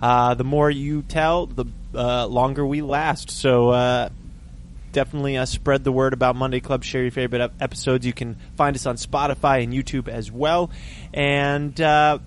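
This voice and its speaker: A man's voice: medium pitch, moderate pace, a little hiss or hum. A man co-hosting a casual podcast, talking in an easy way with many fillers as he reads out the show plugs. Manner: relaxed, filler-heavy, does the show plugs. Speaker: podcast co-host, magician. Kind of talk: casual chat.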